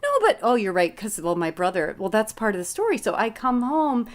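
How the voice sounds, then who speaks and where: A woman's voice: medium pitch, animated, fairly quick. A woman hosting a podcast, telling a rambling story in casual chat, laughing often and swearing freely. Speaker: podcast host.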